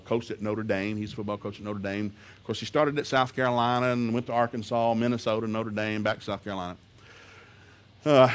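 A man telling a humorous story to an audience, animated and laughing often as he talks. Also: lowish voice. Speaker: speaker.

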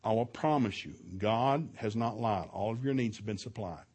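A middle-aged man giving a preaching talk at a marriage seminar in a church, telling stories with lively shouted quotes and frequent chuckles. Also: fairly low pitch, moderate pace, husky. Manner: animated storytelling, shouts out quoted lines, chuckles often. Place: church hall, live session.

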